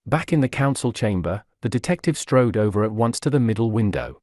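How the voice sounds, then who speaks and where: A man narrating a novel in a measured, even manner. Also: on the low side, dry recording, studio quality. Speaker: audiobook narrator. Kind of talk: scripted narration.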